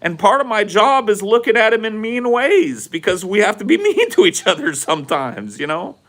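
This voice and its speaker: A man's voice: high voice, big pitch swings, normal speed, fairly bright tone. A man hosting a podcast, telling a rambling, profane story in casual chat. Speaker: podcast host.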